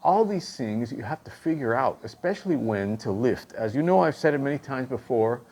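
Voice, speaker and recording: A male drum instructor explains stick technique in a medium-pitched, expressive voice with a slightly mellow quality, speaking at a normal speed. He counts and calls out stickings aloud, checking in with "okay?" after each point.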